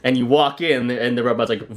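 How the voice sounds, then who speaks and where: A young man hosts with a middling voice, telling rambling comic bits in casual, profane chat. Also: medium pitch. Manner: storytelling, profane, laughing often. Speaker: podcast host.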